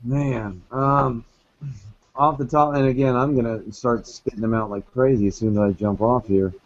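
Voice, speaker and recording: A man co-hosting a casual movie talk show, relaxed and laughing as he recalls scenes. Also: medium pitch, normal speed, no room sound, muffled recording. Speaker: podcast co-host.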